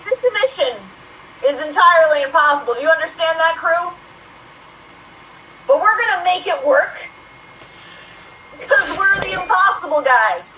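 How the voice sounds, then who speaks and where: A woman's voice: sits high, sharp tone, reverberant, distant mic, a little hiss or hum, heavily acted, low-quality recording. A woman playing a cocky male action movie star who brags about doing his own stunts. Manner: boastful, swaggering.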